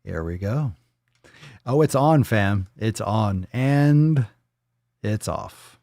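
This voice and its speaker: A man's voice: lowish voice, expressive, very slow, pauses often, mellow, dry recording, studio quality. A man hosting a live stream, chatting casually in a rambling, joking, profane way. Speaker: host. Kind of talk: casual livestream chat.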